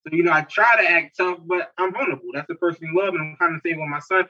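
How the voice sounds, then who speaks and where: A man from Newark, telling animated stories in slangy casual chat and laughing often. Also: fairly high pitch, fast talker. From Newark, New Jersey. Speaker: podcast co-host. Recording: distant, dull lo-fi mic.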